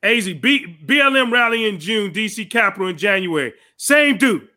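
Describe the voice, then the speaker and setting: A man hosting a podcast, giving heated, profane political commentary and shouting angrily. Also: high-pitched, expressive, moderate pace. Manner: angry, shouting, profane ranting. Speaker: podcast host.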